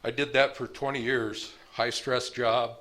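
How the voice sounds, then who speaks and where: A man in his sixties tells his recovery story in a medium-pitched, bright and forceful voice with a flat, unhurried delivery. He speaks bluntly and plainly, now and then laughing at his earlier life.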